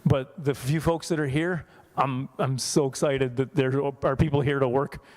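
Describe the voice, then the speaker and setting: A man's voice: mid-range voice, fairly even intonation, normal speed, a little mellow. A man from Canada performing a stand-up comedy set in a church hall for a small audience, chatty and self-mocking, slipping into voices for characters.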